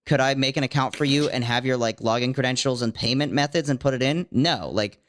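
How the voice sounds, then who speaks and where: A man's voice: medium pitch, a bit bright. A young man from Virginia, ranting profanely in casual podcast chat. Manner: profane, ranting, quick-talking. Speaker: podcast co-host.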